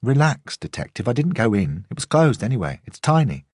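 Wren is a sharp, eager young policewoman, brisk and teasing, quick to insist on getting her way, as a male narrator voices her. The voice sits a bit higher than his own but keeps a husky grain. It is close and dry, an audiobook read. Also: big pitch swings, no echo. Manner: brisk, self-satisfied, insistent.

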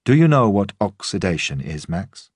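A man voicing a seasoned woman pathologist who explains things gently and patiently. The voice is deep and grainy, heard close and dry, as in an audiobook. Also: very animated, moderate pace, slightly rough, no echo, exaggerated voice. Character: calm, experienced female forensic pathologist.

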